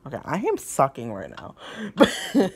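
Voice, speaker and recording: A young man giving casual let's-play commentary, excitable, laughing a lot and swearing. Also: mid-range voice, unhurried, gravelly. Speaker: gaming YouTuber.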